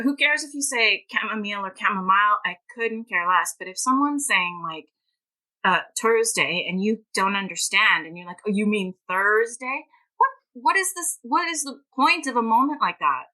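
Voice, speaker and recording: A woman's voice: a little high, expressive, moderate pace, pushed and bright, poor audio. A woman, a guest author and language teacher, talking emphatically and at length in a podcast interview. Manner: passionate, emphatic and talkative.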